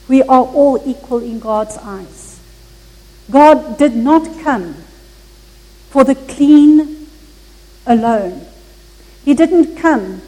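A high-voiced woman preaching slowly and earnestly, weaving a story into her sermon. Her tone is dark and mellow, and a long reverb hangs after each phrase. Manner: earnest, measured storytelling with some slips. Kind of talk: Christmas sermon with a read story.

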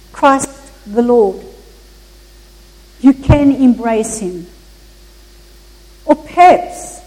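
A high-voiced woman preaching slowly and earnestly, weaving a story into her sermon. Her tone is dark and mellow, and a long reverb hangs after each phrase. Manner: earnest, measured storytelling with some slips. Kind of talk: Christmas sermon with a read story.

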